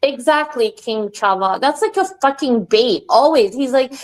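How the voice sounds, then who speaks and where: A woman's voice: high-pitched, lively intonation, normal speed, no room sound. A woman arguing heatedly on a live online panel, scolding and swearing. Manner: scolding, profane, shouting. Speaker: panel participant. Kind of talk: heated live-stream argument.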